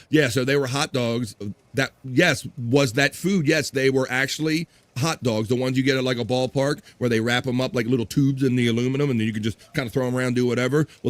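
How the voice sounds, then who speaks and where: A man's voice: medium pitch, no echo. A man hosting a casual live stream, chatting, laughing often and reading viewers' comments aloud.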